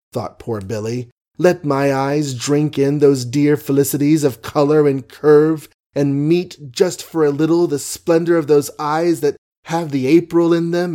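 A man reading a novel aloud as an audiobook narrator, measured, wry and ornate. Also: a little high, dark tone.

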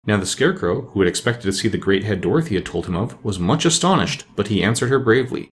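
A man's voice: medium pitch, expressive, fast, creaky, few pauses. A man reading a storybook aloud, narrating expressively.

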